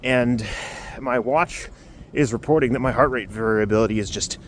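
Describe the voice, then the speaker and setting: A man's voice: medium pitch, normal speed, a little hiss or hum. Man vlogging while walking in the cold. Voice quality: muffled through a face covering at first. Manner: talks while walking, loose and rambling with fillers. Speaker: vlogger giving a recovery update. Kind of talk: casual vlog while walking outdoors. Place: outdoors on a cold day, walking. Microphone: handheld camera.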